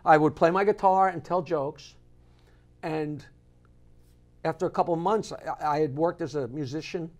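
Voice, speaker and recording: An older man, a comedian, telling stories and jokes as a talk show guest in an animated way. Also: a little high, moderate pace, long pauses. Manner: animated joke teller with big swings. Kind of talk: storytelling in a live talk show.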